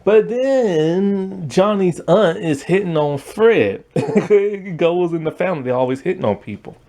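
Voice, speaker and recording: A man's voice: high-pitched, lively intonation, unhurried, warm tone. A man giving a casual spoken review of a cartoon, rambling with lots of fillers and frequent laughter.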